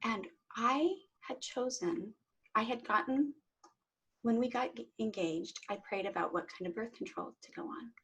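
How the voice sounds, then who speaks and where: Her voice a little high and slightly rough, a middle-aged woman talks at normal speed on an interview show about her life as a Reiki teacher. She's earnest and often repeats words when beginning a sentence, and the audio is poor.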